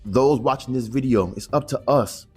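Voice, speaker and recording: A man's voice: medium pitch, moderate pace, a little mellow, husky, soft background music. A man giving casual YouTube commentary, slangy and joking, with boastful asides to the camera.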